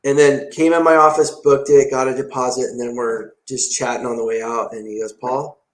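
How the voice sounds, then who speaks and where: A detailing shop owner, appearing as a guest, tells shop stories in casual podcast storytelling. He's animated, with a medium-pitched voice and brisk pace, acting out the dialogue in his stories. The recording has a roomy echo.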